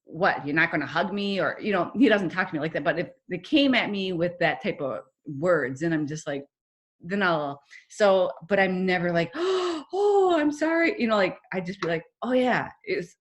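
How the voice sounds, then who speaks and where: Blunt woman with a lower voice. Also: normal speed. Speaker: podcast co-host. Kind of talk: casual chat.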